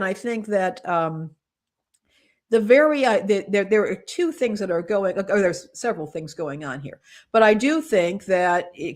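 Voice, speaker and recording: Earnest woman podcast co-host. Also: medium pitch. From United States. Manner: earnest and impassioned, thinking aloud with many restarts. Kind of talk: casual political commentary.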